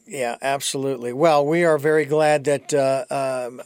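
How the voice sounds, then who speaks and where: A man hosting a conversation, talking haltingly with many fillers and restarts. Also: medium pitch, steady tone, a little mellow, smooth, no room sound. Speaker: host. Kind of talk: casual conversation.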